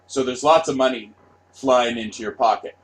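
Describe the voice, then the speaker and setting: A man's voice: medium pitch, moderate pace. A man delivering a casual, profane rant, sarcastic and repetitive. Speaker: vlogger.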